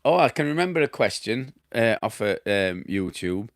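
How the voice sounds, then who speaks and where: A man's voice: on the low side, lively intonation, normal speed, dry recording, studio quality. A middle-aged man with a broad Yorkshire accent, chatting casually as he answers viewer questions, rambling, laughing at himself and losing his thread. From Yorkshire, England. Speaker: damp specialist and former plasterer answering viewer questions. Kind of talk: casual chat.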